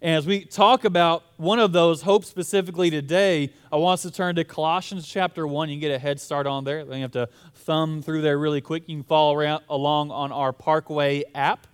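A man's voice: fairly high pitch, steady tone, fairly quick, few pauses, clear, resonant tone. A young man preaching a sermon in a casual, storytelling way. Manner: casual, storytelling, conversational with fillers. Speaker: pastor.

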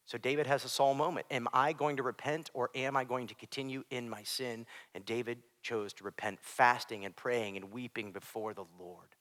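A man preaching a sermon as pastor, swinging from hushed near-whispers to loud shouts. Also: medium pitch, fairly even intonation, moderate pace, hardly any pauses. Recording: preacher in a large reverberant hall.

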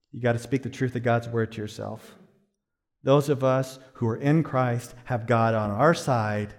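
Middle-aged pastor man preaching, goes quiet then loud, long hall echo. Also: steady tone. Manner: swings from hushed, slow phrases to loud, high exhortation. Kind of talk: sermon.

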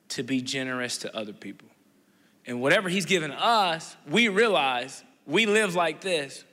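A man's voice: medium pitch, pushed and bright. A man preaching, telling a story with acted-out dialogue, often stammering and repeating words as he builds. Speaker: pastor. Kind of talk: sermon storytelling. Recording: long hall reverb.

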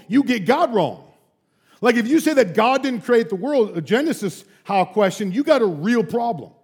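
Brief: preacher with a high voice, lively storyteller, chatty asides. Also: male voice, breathy edge. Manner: animated storytelling, frequent asides. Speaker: pastor. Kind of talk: sermon.

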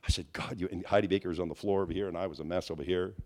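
A man preaching in a storytelling way, his fairly low voice rising to high, excited near-shouts at the peaks. He moves between quiet asides and loud emphasis as he preaches. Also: racing. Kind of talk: charismatic sermon.

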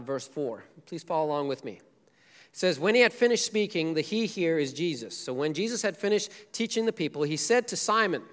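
A male pastor preaching a sermon in a casual, joking way, retelling a story and acting out the quotes. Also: fairly high pitch. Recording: echoey hall.

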